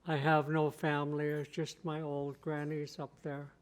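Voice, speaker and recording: A man's voice: on the high side, completely flat delivery, normal speed, slight background noise, lightly acted, low-quality recording. A man voicing an earnest young canoe traveler.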